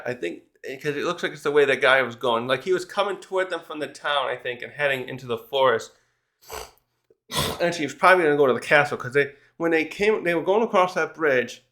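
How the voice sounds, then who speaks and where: A man's voice: a little high, a bit bright. A man casually recapping a manga chapter in a rambling, chatty way, with frequent restarts and small laughs.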